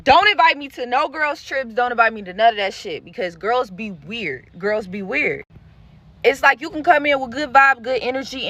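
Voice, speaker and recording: A woman's voice: fairly high pitch, sharp tone. A woman telling a story to her viewers in a vlog, blunt and profane, with lots of animation in her delivery. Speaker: content creator.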